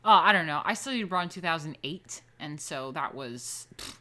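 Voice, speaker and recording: A woman's voice: low-pitched, lively intonation, normal speed, sharp tone. A woman in her thirties hosting a casual livestream chat, teasing and correcting a child in a motherly way. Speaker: livestream host.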